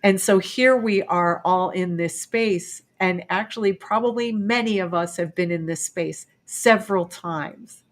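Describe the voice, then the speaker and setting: A woman's voice: on the low side, measured pace, few pauses. A woman hosting a spiritual talk show, speaking in an earnest way as she introduces a meditation. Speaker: show host.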